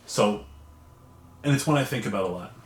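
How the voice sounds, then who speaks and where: A man hosting an interview, asking questions in a calm, measured, gentle way. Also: fairly low pitch, echoey room. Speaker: interview host.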